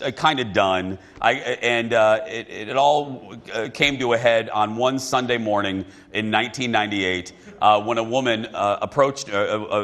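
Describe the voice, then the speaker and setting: A man hosting a live TV talk show, chatty and laughing as he tells stories. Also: medium pitch. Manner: lively, chatty, laughing through an anecdote. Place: live show set in a large stadium venue.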